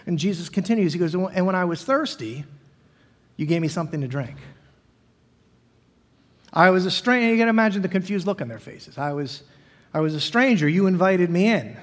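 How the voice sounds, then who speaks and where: High-voiced pastor preaching in a hall. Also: male voice, lively intonation, fairly quick, long pauses. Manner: conversational, acts out the disciples' questions. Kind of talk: sermon. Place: church sanctuary. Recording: long reverb of a large hall.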